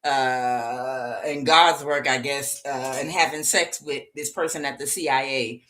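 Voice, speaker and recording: A woman's voice: rumbling low, fairly even intonation, a little slow, a bit bright. A woman doing a casual tarot reading to camera, chatty and punctuating her points with "okay". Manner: chatty, frequent "okay" checks, laughs at herself. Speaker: tarot reader.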